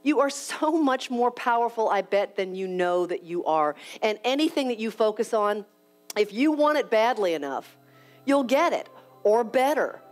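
A woman giving a motivational talk to young professionals, telling a personal story in an animated, frank and self-deprecating way, often acting out her own past words. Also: on the high side, normal speed, faint music behind. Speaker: speaker at a leadership conference.

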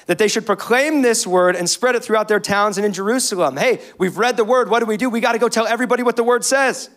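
A man's voice: high-pitched, fast, fairly bright tone. A man preaching a sermon as a pastor, reading scripture and speaking with rising intensity. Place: church sanctuary.

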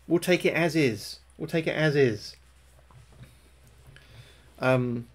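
A man streaming a horror game live, excitable and swearing, yelping when he gets scared. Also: medium pitch, moderate pace, pauses often. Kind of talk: live gameplay commentary.

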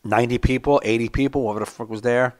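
Comic in his thirties, mid-pitched, dry booth sound, lively war-story delivery. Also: very fast, no room sound. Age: 30s. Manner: animated storyteller, acts out rants. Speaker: stand-up comedian, podcast co-host. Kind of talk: casual podcast chat.

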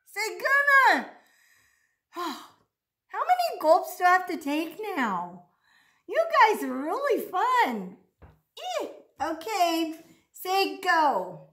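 A woman's voice: very high-pitched, wildly swooping pitch, drawn-out words, pauses often, sharp tone. A woman speech therapist leading a practice lesson for children at home, playful and exaggerated in a sing-song teacher voice. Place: home room. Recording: echoey room.

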